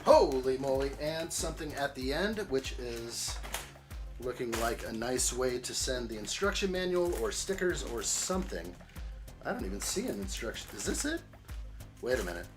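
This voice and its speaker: A man's voice: medium pitch, big pitch swings, normal speed, over music. A man hosting a casual live stream, greeting viewers by name in an upbeat way while unboxing and building.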